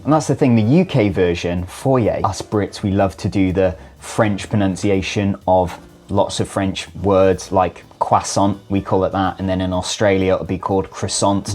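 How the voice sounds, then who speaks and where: Brief: young British man vlogging, lowish voice, cheeky and theatrical. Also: darkish tone. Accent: British English. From United Kingdom. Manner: playful, self-mocking, overdramatic. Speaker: vlogger, actor and musician. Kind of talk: scripted vlog to camera.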